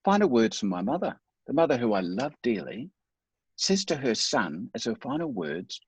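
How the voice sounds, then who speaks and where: A man's voice: medium pitch, big pitch swings, moderate pace, vocal fry, slightly rough, no echo. A middle-aged man speaking as a guest, telling his life story in an earnest, reflective, self-deprecating way. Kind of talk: personal storytelling in a talk.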